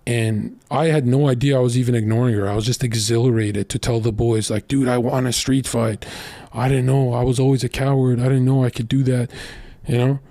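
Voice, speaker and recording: A man's voice: medium pitch, steady tone, fairly quick, mellow, dry recording. A young man telling crude stories in a blunt, boastful casual monologue as a streamer.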